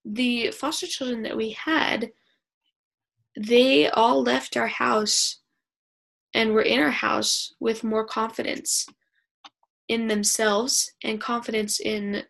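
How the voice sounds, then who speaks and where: Slow, gravelly woman co-host. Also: on the high side, steady tone, fairly bright tone. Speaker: podcast co-host and foster parent. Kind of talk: casual conversational talk.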